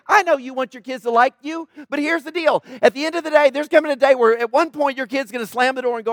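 A man's voice: extremely high pitch, quick pace, few pauses, a bit bright, no room sound, clean studio sound. A middle-aged male pastor preaching a sermon, emphatic, repeating key points and calling on the audience to answer back.

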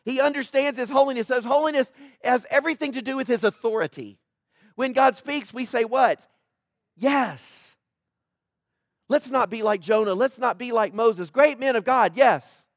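A man preaching a sermon as pastor, emphatic, swinging between loud declarations and hushed asides. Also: very high-pitched, moderate pace, dry recording, studio quality.

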